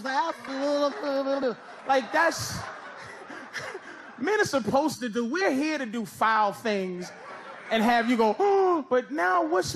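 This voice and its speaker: Middle-aged man teasing a laughing crowd. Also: extremely high pitch. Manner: loose, teasing crowd work with drawn-out delivery. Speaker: stand-up comedian. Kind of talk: stand-up comedy set. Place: comedy club stage with a laughing audience. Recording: live stage recording with crowd and noise. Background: audience laughter.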